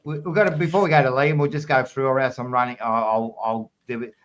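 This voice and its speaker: A man's voice: mid-range voice, steady tone, fast talker. An Australian man co-hosting a podcast, ranting heatedly with heavy swearing in casual panel chat. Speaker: podcast co-host. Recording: dull lo-fi recording.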